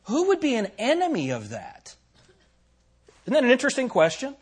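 A man's voice: high-pitched, wildly swooping pitch, a little fast, husky. A man preaching to his congregation in a slightly raised voice. His delivery swings up and down with lots of emphasis. Every few lines he throws a rhetorical question at his listeners. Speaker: pastor. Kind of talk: sermon.

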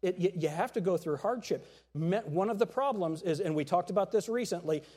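A middle-aged man preaching a sermon to his church, animated, acting out quotes and jokes along the way. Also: sits high, fairly quick. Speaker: pastor.

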